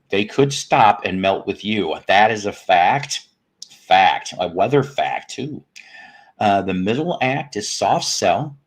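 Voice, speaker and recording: A fiftysomething man runs a laid-back live music stream from home, welcoming chat viewers. His lowish, slightly rough voice has lively intonation and a slow pace. He jokes constantly, with puns and profane remarks.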